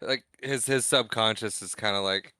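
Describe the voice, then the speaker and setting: A man's voice: fairly low pitch, moderate pace, bright, forceful tone, smooth, no room sound. A man co-hosting a podcast, adding short comments and agreement in a casual movie discussion. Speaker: podcast co-host.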